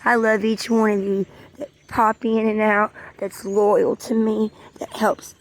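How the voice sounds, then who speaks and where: A woman's voice: mid-range voice, flat delivery, a little slow. A woman sharing her faith in an earnest vlog, repeating phrases and sometimes dropping to a whisper. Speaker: vlogger.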